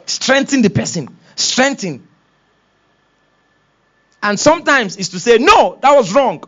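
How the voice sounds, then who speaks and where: Pastor man preaching, high lively voice, kinda dull lo-fi sound. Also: measured pace. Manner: animated, acts out quoted voices, laughs often. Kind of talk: sermon.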